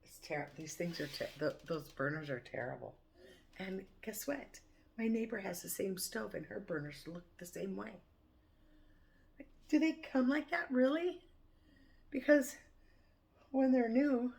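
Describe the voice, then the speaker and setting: A woman's voice: medium pitch, big pitch swings, unhurried, vocal fry, pauses often, darkish tone. A woman vlogger chatting casually to camera over morning coffee, rambling and laughing often. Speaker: cooking vlogger.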